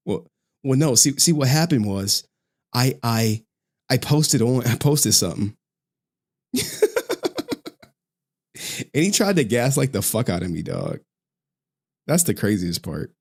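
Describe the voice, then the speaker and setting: A man's voice: medium pitch, big pitch swings, slow pace, pauses often. A male streamer in a casual, profane rant to his viewers, slangy and often laughing.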